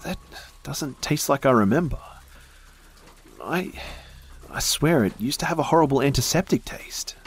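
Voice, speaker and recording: A man's voice: medium pitch, animated, moderate pace, long pauses, breathy edge, pitched above the performer's own voice. A man voicing a shaken, guilt-struck young man in a spoken horror story, hesitant and stammering. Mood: dazed.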